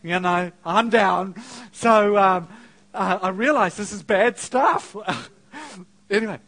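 A middle-aged man preaching a sermon, telling a personal story with self-mocking asides and swings between quiet and loud. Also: sits high, takes it slowly.

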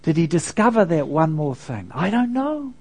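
A man's voice: on the high side, sing-song, normal speed, a little mellow. A man, a pastor preaching a sermon in a conversational, storytelling way with frequent asides to the congregation.

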